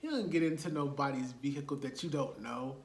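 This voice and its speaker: A man's voice: medium pitch, a little fast, roomy sound. A man, casually retelling a movie plot with laughs and rhetorical asides. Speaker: movie reviewer.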